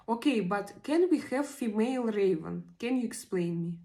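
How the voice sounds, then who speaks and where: A woman's voice: medium pitch, animated, dark tone. A woman, hosting a casual live stream and reading out viewer comments while she hunts for English words. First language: Russian. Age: 40s. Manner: halting, searching for words with many pauses. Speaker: livestream host.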